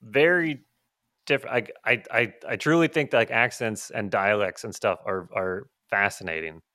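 A man's voice: lowish voice, moderate pace, bright, forceful tone, no echo, clean studio sound. A man co-hosting a podcast in casual chat, rambling with many fillers and restarts. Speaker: podcast co-host.

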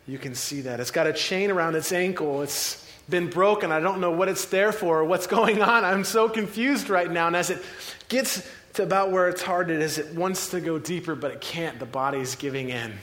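High-voiced preacher telling a story. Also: male voice, a bit bright. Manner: vivid, cinematic retelling with dramatic pauses. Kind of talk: dramatic sermon storytelling.

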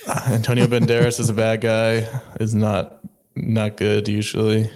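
Low flat guy trashing a movie, blunt, deadpan-ish. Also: normal speed. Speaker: podcast co-host. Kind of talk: casual movie review chat.

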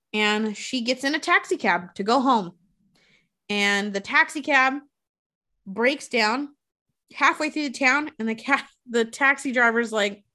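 A woman casually retelling a movie plot with frequent swearing, acting out the characters' lines. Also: fairly high pitch. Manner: profane, animated retelling with quoted voices.

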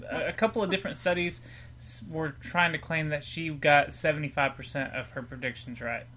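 Bright-voiced man hosting a casual podcast. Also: on the high side, brisk. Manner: laughs often, leads the discussion with questions. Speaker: podcast host.

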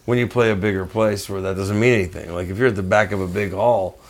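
An older man and guest musician telling animated, profane stories in a rambling way, full of restarts. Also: deep voice, quick pace. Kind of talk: casual storytelling.

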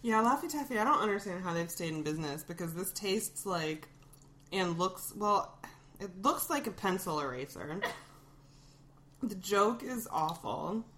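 A woman's voice: medium pitch, lively intonation, a little slow, a bit bright, slight background noise. A woman co-hosting a podcast from her kitchen in casual chat, wry and giggly with dramatic complaints. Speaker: podcast co-host.

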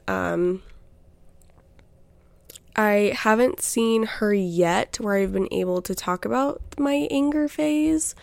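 A woman's voice: mid-range voice, clear, resonant tone, dry recording. Rambling young woman, dry close sound. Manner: rambling, self-interrupting, filler-heavy. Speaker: podcast host. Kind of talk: casual personal chat.

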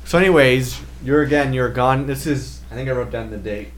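Young man, casual chat, animated storyteller, mid-pitched voice. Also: fairly quick, a little hiss or hum. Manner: animated storyteller, acts out quoted friends. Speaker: co-host telling a story.

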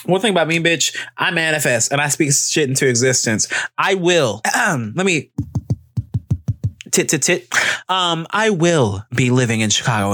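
A young man from Alabama, hosting a casual solo chat in a sassy, profane, animated storytelling manner. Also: mid-range voice. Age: young adult.

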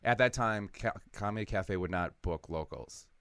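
Man from wisconsin, very low voice, animated comedy stories, dry close sound. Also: moderate pace, clear, resonant tone, dry recording. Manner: animated storyteller, acts out quotes. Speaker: comedian, podcast co-host. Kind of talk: casual chat, storytelling.

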